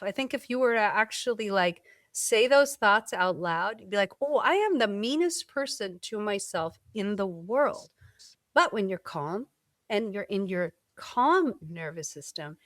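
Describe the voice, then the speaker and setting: A woman hosting a podcast interview, talking in an animated, expressive way with casual filler words. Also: mid-range voice, no room sound, clean studio sound. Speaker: podcast host. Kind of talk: conversational interview.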